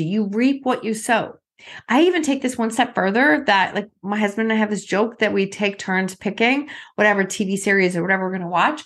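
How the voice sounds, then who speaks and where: A middle-aged woman giving a motivational talk in an earnest, coaching way, putting questions to the listener. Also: medium pitch.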